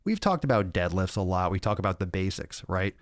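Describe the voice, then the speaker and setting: Out of breath, a male podcast host chats casually on a livestream and reads viewer comments aloud with energetic, profane rambling. His voice is low and fairly quick, captured on a podcast microphone with studio quality and no echo.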